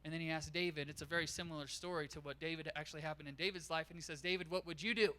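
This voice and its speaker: A man pastor preaching a sermon in a church, telling a story in an animated way. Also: on the high side, racing. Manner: animated storytelling, acts out quotes.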